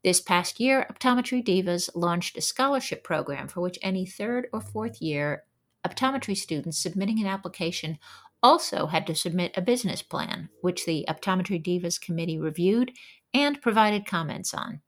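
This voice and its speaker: A woman with a somewhat low voice reads a scripted introduction in a measured, formal way. She presents an award winner as the host of a special edition. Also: animated.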